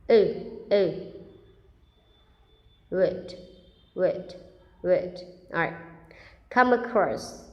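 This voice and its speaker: A woman with a Vietnamese accent, a native Vietnamese speaker, teaching English by reading a children's story with expression and repeating vocabulary slowly for practice. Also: lowish voice, darkish tone. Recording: roomy echo with long reverb.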